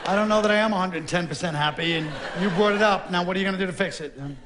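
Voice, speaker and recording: Middle-aged new guy doing standup, gruff sarcastic delivery, pitched kinda high, faint noise underneath. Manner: sardonic, blunt, gruff delivery with quick asides. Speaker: stand-up comedian. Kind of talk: stand-up comedy monologue. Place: theater stage with a live audience. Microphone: stage microphone.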